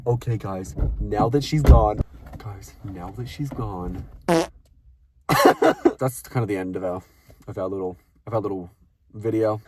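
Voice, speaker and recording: A man's voice: lowish voice, steady tone, a little slow, long pauses, background noise. A young man telling his own workplace stories in casual chat, laughing often and chiming in with wisecracks. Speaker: co-host.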